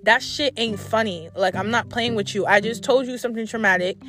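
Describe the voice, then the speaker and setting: A woman's voice: fairly high pitch, fairly quick, a bit bright, faint music behind. A young adult woman telling a story to her camera in a blunt, profane, exasperated storytime rant. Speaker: vlogger.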